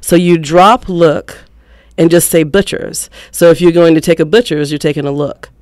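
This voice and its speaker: A man hosting a radio talk show, explaining with examples in a lively way and laughing often, speaking into a studio microphone. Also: a little high, normal speed, dry recording.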